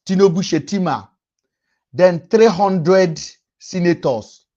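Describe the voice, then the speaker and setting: A man's voice: high-pitched, slow, dark tone, muffled recording. A young man with a Nigerian Pidgin English accent hosting a livestream rant, emphatic and repeating lines for effect. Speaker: livestream host.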